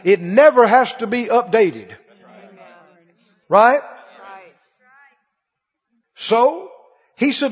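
A man's voice: extremely high pitch, animated, very slow, long pauses, slightly rough. A man preaching a sermon with passion, acting out pleading prayers and the lines of scripture. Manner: impassioned, acts out pleading prayers and quotes. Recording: dull sound in a reverberant hall.

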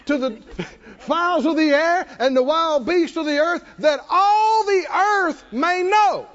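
A man, a preacher, voicing a bold young shepherd who shouts a slow, defiant challenge. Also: very high voice, pitched above the performer's own voice, exaggerated voice. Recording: dull audio in a large reverberant hall.

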